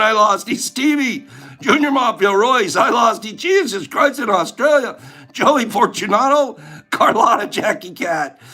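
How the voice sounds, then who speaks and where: A man hosting a livestream, reading out viewer names in casual chat and laughing through his words with a husky voice. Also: high-pitched, pushed and bright. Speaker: livestream host.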